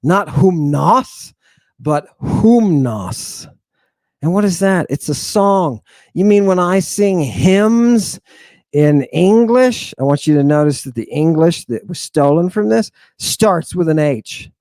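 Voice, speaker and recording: Male teacher, a bit higher than usual, playful and theatrical, drills words by repeating them, dry close sound. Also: lively intonation, unhurried, a little mellow, no room sound. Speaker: language teacher. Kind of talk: informal online lesson.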